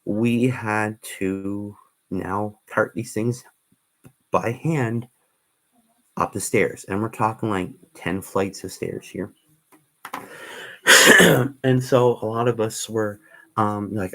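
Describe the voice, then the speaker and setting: A man's voice: fairly low pitch, fairly even intonation, unhurried, a bit bright. A man hosting a livestream, telling stories in a casual, meandering way with many ums and restarts. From Canada. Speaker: livestream host. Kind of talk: rambling livestream storytelling.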